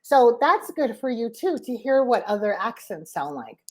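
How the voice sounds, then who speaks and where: An American woman teaches English over a video call, her voice sitting a little high. She is encouraging, laughs often and repeats words as she explains. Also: very animated, moderate pace. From USA. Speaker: English tutor. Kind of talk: casual online lesson chat.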